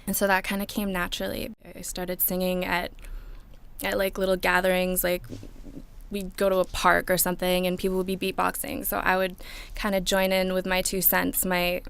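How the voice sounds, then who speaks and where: Gravelly-voiced young woman chatting. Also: on the low side. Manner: relaxed, chatty, lots of "like" fillers. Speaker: singer-songwriter interviewee. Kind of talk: casual interview talk. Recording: music playing underneath.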